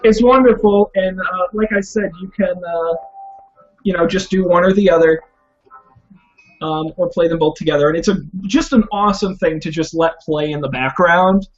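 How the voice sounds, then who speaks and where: A man's voice: high-pitched, normal speed, soft background music. A man hosting a casual tech podcast, chatty and enthusiastic as he recommends things. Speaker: podcast host. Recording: dull lo-fi audio.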